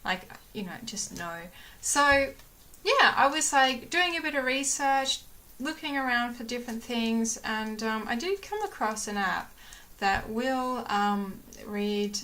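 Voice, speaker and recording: A woman's voice: fairly high pitch, animated, a little slow, pushed and bright. A young woman chatting casually to her viewers, rambling with many fillers and restarts and laughing often. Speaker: vlogger. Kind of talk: casual chat to camera.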